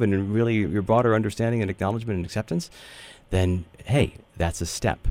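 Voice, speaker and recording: A man's voice: lowish voice, a little fast, darkish tone, dry recording. A man hosting a spiritual radio talk show, speaking in a meandering, earnest way with many fillers. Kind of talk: casual spiritual radio chat.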